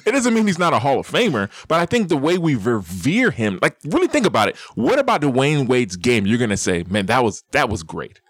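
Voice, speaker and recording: A man's voice: medium pitch, wildly swooping pitch, a little fast, hardly any pauses, slightly rough, no room sound, studio quality. Emphatic man arguing hot takes. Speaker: podcast co-host. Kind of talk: casual podcast banter.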